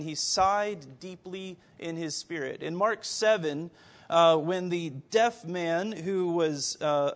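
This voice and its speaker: A man delivers a sermon in a voice pitched higher than most men's. He keeps turning to his listeners with pointed rhetorical questions and sometimes stumbles and restarts his words. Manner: animated, rhetorical questions to the congregation; occasional stammered restarts. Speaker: preacher.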